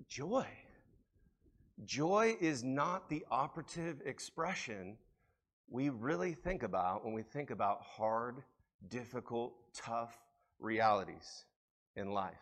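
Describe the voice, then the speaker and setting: A man preaching a sermon as pastor, moving between emphatic, raised passages and soft, intimate asides to his congregation. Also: a little high, animated, measured pace. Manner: earnest preaching, rising to emphatic peaks then dropping to soft, intimate asides. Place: church sanctuary.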